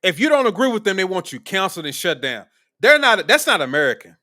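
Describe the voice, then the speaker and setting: Fired-up guy streaming political rants, cussing a lot, high bright voice. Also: sing-song, fast talker. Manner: blunt, profane, combative. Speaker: streamer host. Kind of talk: live political commentary.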